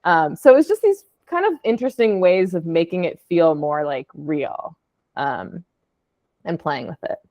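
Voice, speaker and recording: A woman's voice: lowish voice, animated, measured pace, darkish tone, dry recording, clean studio sound. A woman, an audio artist, casually presenting her work on a call in a chatty, upbeat way with lots of fillers. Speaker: podcast producer and audio artist.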